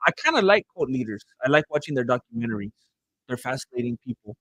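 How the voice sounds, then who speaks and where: Husky man rambling through live commentary. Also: mid-range voice, big pitch swings, fast talker, a bit bright, rough recording. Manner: rambling, reactive storytelling. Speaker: fight watch-along streamer.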